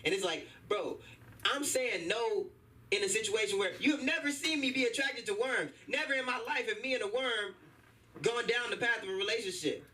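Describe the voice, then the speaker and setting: Bright-voiced young man doing stand-up. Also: very high-pitched, a little fast, far from the mic, low-quality recording. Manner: animated storytelling, acting out voices. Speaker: stand-up comedian. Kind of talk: stand-up set at an open mic. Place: comedy club stage.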